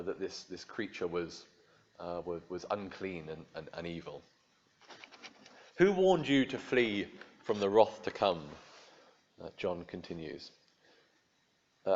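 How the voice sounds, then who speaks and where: A low-pitched man delivers a sermon in an easygoing, wry, conversational way. He often stops and restarts, with frequent fillers. The recording is muffled and lo-fi. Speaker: preacher.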